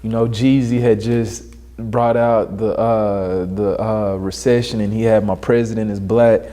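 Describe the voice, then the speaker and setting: Young man, interview guest, lively storyteller, low mellow voice. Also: a little slow. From Dallas, Texas. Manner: animated storyteller, acts out quoted voices.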